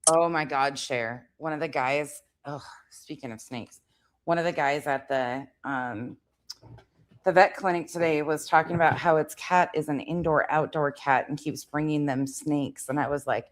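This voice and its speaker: Casual woman co-host, excitable and profane, outdoor livestream chat. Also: low-pitched, normal speed, dry recording. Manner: laughing, swearing, excitable storytelling. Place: outdoors at home.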